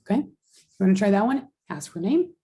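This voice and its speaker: A woman's voice: medium pitch, sing-song, brisk, warm tone, poor audio. A woman teaching a sign language class over a video call, patiently explaining each step. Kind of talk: online class instruction.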